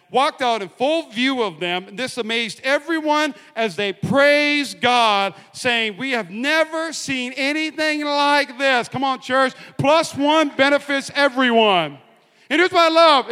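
A man preaching a lively sermon in a large church, joking and rallying the congregation. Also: sits high, in a large hall. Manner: energetic, joking, rallying the crowd with call-and-response. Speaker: pastor.

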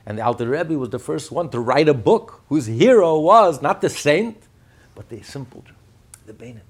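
A rabbi's Torah class comes through in a husky, slightly high male voice at normal speed. He tells stories with animation, voicing the people he quotes and asking rhetorical questions.

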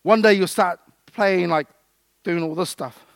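A man with a high voice preaches with playful energy, jumping from loud bursts to quiet asides. He acts out small scenes and jokes with the room. The sound is close and dry. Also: unhurried, creaky, no echo. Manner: lively, jokey, acts out little scenes. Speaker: pastor. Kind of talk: sermon.

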